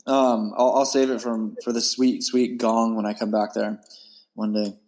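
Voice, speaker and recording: A man's voice: fairly low pitch, flat delivery, normal speed, darkish tone, big-room sound. A man, a podcast guest talking casually in a laid-back, rambling way. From United States. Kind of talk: casual interview chat.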